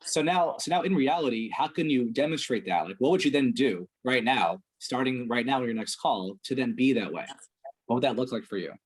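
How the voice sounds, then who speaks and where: Male coach, husky voice, direct and probing. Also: mid-range voice, brisk. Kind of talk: coaching session.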